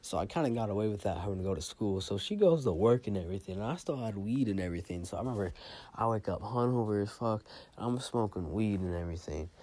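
A young man telling a casual storytime in a rambling, slangy, profane way, a little high. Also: lively intonation, fast talker, mellow. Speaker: vlogger.

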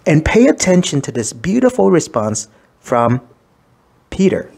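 Priest giving a measured sermon. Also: male voice, on the high side, very animated, creaky, darkish tone. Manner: measured, explanatory, quotes scripture aloud. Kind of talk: sermon reflection.

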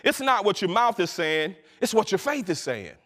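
A man preaching a fervent sermon as minister, rising to shouts and drawing out his phrases. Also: high voice, big pitch swings, moderate pace. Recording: long reverb of a church hall.

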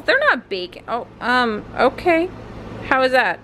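A woman's voice: high-pitched, wildly swooping pitch, unhurried, sharp tone, a little hiss or hum. A young woman chatting casually in a home vlog, often switching to a sing-song voice for her dog. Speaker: vlogger. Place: home living room.

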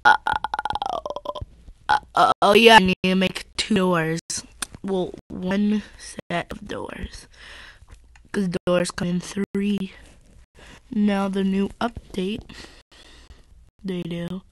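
A woman's voice: mid-range voice, extremely slow, long pauses, dry recording, poor audio. A woman chatting casually while commenting on her Minecraft gameplay, rambling and often correcting herself mid-sentence. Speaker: gaming channel host.

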